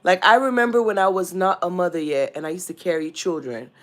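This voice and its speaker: A woman's voice: fairly low pitch, fairly quick. A young woman from Nigeria with a Nigerian accent, chatting casually on a home livestream and greeting viewers by name. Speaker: livestream host.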